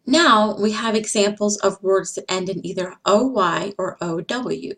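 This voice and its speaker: A woman giving a slide-based phonics lesson, speaking deliberately and repeating each example sound. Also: medium pitch, fairly bright tone. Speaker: English teacher.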